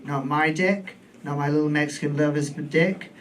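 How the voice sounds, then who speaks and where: A British man in his forties performing a stand-up comedy set on a club stage, camp and playful with deadpan asides. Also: on the high side, moderate pace. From United Kingdom. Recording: distant mic in comedy club, faint room noise.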